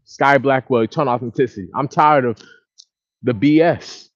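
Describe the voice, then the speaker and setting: A man's voice: medium pitch, normal speed, no echo, lo-fi sound. Frustrated man venting outdoors. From Dallas, Texas. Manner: frustrated, venting, repetitive phrasing. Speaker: vlogger. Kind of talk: casual outdoor monologue to a live chat. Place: outdoors by a lake or river.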